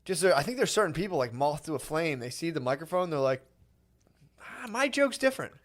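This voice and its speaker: A man's voice: a little high, animated, quick pace. A man co-hosting a comedy podcast, telling stories in casual chat, swearing often and acting out the people he quotes. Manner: storytelling, acts out quoted voices, swears a lot. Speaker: podcast co-host.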